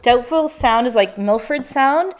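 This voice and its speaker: A woman's voice: on the high side, animated, unhurried. Chatty Canadian woman hosting a live Q&A. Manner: chatty, upbeat, strings thoughts into long lists. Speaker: travel channel host. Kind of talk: live Q&A chat.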